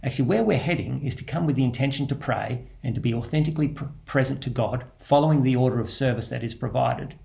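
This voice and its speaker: A medium-pitched Australian priest talks fast with vocal fry and few pauses in a gentle reflection on prayer. He restarts as he thinks aloud and keeps returning to key phrases.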